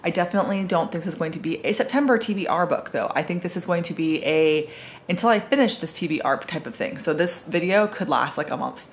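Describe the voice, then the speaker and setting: A woman's voice: on the low side, lively intonation, fast talker, a little hiss or hum. A woman from the US Northwest, chatting casually as a book vlogger, rambling with fillers and correcting herself as she goes. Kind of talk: casual chat.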